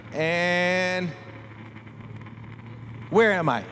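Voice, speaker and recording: A male pastor with a high voice delivers a lively, story-driven sermon. He keeps turning to the congregation to get them involved, and his voice carries a long reverb through the church hall. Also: moderate pace, slight background noise. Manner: animated storytelling, addresses the congregation.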